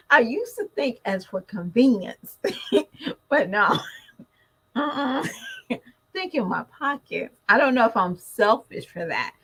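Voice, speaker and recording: Woman, casual vlogger mom, animated, chatty, speaks straight to her audience. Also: a little high, slow, long pauses, breathy edge, poor audio. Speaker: mother vlogger. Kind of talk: casual chat to camera.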